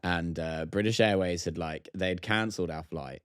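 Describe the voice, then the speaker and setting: A man's voice: deep voice, normal speed, fairly bright tone, clean tone, no room sound, studio quality. A man co-hosting a podcast, telling a long story in casual chat, acting out other people's lines and laughing often. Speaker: podcast co-host.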